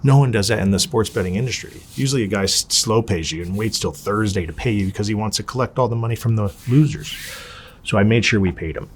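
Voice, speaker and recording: Man, fairly low voice, casual interview guest, lively storytelling. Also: fast, husky. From Los Angeles, USA. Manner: animated, acts out quoted dialogue.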